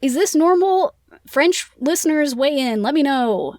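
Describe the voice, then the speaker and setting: A woman's voice: high-pitched, animated, a little slow, a little mellow, no echo, clean studio sound. A woman co-hosting a casual book-club podcast, retelling a plot in a chatty, playful way with lots of "like". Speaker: podcast co-host.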